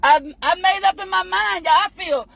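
Very high-voiced woman preaching a pep talk. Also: moderate pace, gravelly. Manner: preachy, sing-song, shouts and exclaims praise; calls listeners "honey". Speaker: live-stream host. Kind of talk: motivational morning pep talk.

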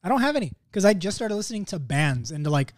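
A man's voice: high voice, very animated, quick pace, dry recording, studio quality. A young man co-hosting a podcast, joking casually, laughing and cursing. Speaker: podcast co-host.

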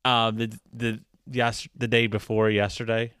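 A man's voice: mid-range voice, little pitch movement, a little slow, fairly bright tone, clean tone, dry recording, clean studio sound. A man co-hosting a casual podcast with friends, laughing often and rambling with restarts. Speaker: podcast co-host. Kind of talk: casual chat among friends.

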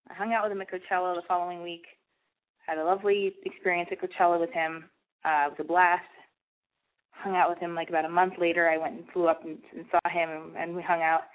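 A woman's voice: on the low side, fast. Woman ranting candidly on tinny radio. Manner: rambling, self-deprecating, profane, animated when acting out her own past thoughts. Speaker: radio show host. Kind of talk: candid personal monologue. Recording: tinny phone-like radio audio.

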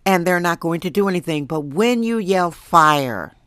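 A hoarse woman from Wisconsin who has lost her voice, hosting a chatty, jokey solo podcast from home. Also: on the low side, expressive, moderate pace, fairly bright tone, no room sound, clean studio sound. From Wisconsin, USA. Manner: chatty, jokey, laughs at herself. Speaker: podcast host. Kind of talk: casual solo monologue.

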